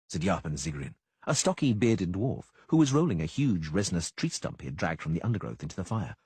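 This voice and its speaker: A man narrating an audiobook in a husky voice, shifting into character voices. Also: low voice, very animated, a little fast, few pauses, darkish tone, no room sound.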